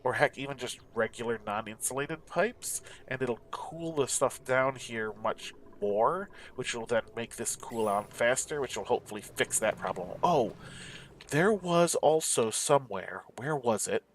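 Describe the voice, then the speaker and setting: A man in a mid-pitched voice talks through a video game at an easy, rambling clip, half-mumbling to himself as he hunts around the map. A faint hiss sits under the recording. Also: a little slow. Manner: mumbling to himself, musing and searching. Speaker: gameplay commentator. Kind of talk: casual let's play commentary.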